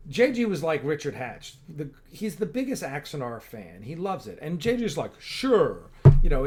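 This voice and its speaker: Male livestream host, slightly high voice, rambling and excited, casual chat. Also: slight background noise. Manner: rambling, enthusiastic, lots of restarts. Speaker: host of a fan-film livestream.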